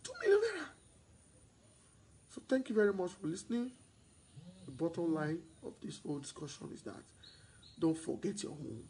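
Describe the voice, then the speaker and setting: A man's voice: a little high, brisk, husky, poor audio. A man with a Nigerian accent talking about real estate to his viewers, mixing Pidgin into his English and repeating himself as he gets worked up. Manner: mixes Pidgin into English, repeats himself, turns loud and excited. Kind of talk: sales broadcast monologue.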